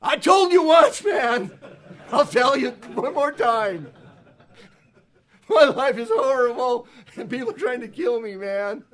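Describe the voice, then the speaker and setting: A man's voice: very high voice, lively intonation, slow pace, fairly bright tone, pitched above the performer's own voice, exaggerated voice. A man voicing a weary, exasperated male prophet who complains in a raised voice.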